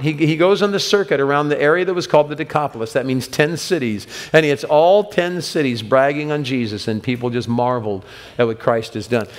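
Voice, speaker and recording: A man with a fairly high voice preaches as a pastor, his words ringing through a large church sanctuary. He retells scripture like a casual story, acting out the voices of the people in it.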